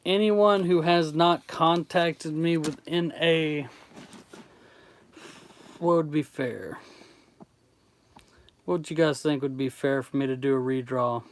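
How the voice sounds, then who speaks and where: A Southern-accented man from Tennessee hosts a laid-back art livestream. His voice is smooth and clear and sits a little high. He rambles easily as he answers the chat's questions. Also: takes it slowly, pauses often. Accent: Southern American. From Tennessee, USA. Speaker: artist streamer. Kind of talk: casual livestream chat with viewers.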